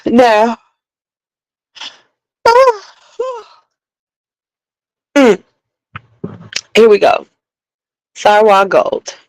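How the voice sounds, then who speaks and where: A woman's voice: medium pitch, measured pace, no echo, poor audio. A woman beauty vlogger chatting casually and animatedly with her viewers. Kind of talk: casual livestream chat.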